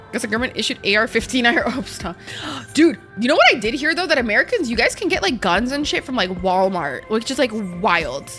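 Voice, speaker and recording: A woman streaming a game, chatting casually and profanely with her viewers and reacting quickly to chat. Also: on the high side, a bit bright. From Canada. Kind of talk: casual live-stream chat while gaming.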